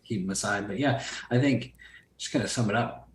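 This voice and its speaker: A man's voice: fairly low pitch, fairly quick, roomy sound, a little hiss or hum. A man, a guest on a podcast, talking loosely and profanely with lots of fillers. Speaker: podcast guest, solar sales company owner. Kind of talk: casual podcast interview.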